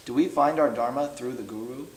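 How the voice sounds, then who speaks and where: A man moderating a class, reading out questions from participants in a plain, measured way. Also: medium pitch. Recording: echoey room with faint noise.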